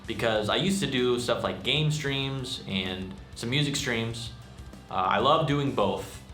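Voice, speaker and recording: A man's voice: mid-range voice, measured pace, fairly bright tone. A young man casually rambling through a channel update, with frequent fillers and self-deprecating asides. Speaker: channel host and musician. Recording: echoey room with faint music.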